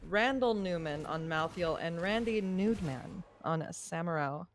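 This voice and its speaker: A woman's voice: on the low side, expressive, unhurried, few pauses, slight background noise. A woman co-casting a live online game match, with playful teasing banter. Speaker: esports co-caster.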